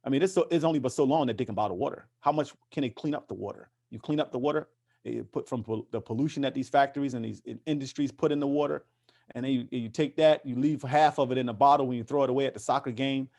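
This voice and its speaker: A man's voice: mid-range voice, quick pace, gravelly, darkish tone. Passionate man with many restarts. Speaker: interview guest, activist. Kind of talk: casual conversational interview.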